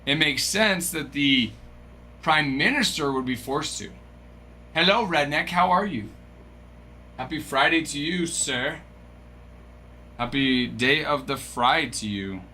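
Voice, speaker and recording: A man with a bright, forward voice chats casually on a live stream, wondering aloud and reacting to viewers' comments. A faint hum sits in the background of his recording. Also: fairly high pitch, takes it slowly, long pauses. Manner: chatty, musing aloud, reads from a screen, stumbles over French names. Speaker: card break streamer.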